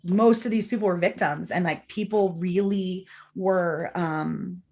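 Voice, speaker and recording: A woman in her thirties, a podcast guest, recounting her experience in an animated, fast-flowing way, often quoting others and saying "like". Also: lowish voice. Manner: animated, fast-flowing, quotes people in lively voices, many "like"s. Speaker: guest, former direct-sales team leader. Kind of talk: conversational podcast storytelling.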